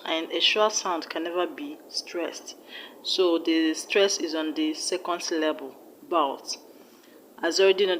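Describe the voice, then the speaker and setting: A woman's voice: fairly low pitch, a bit bright, a little hiss or hum, poor audio. A woman with a Nigerian accent teaching an online exam-prep lesson, patiently repeating each word and sounding it out syllable by syllable. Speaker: English teacher.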